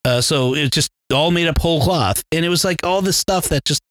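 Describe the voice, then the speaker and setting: A man's voice: a little high, fairly quick, fairly bright tone, dry recording. A middle-aged man co-hosting a casual podcast chat, wry and laughing often with nerdy enthusiasm. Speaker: podcast co-host.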